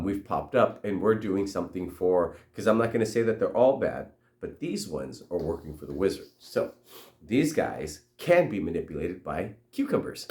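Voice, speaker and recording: Man telling a story, lively pitch. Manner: loose and conversational, with restarts. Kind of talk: casual oral storytelling. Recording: roomy echo.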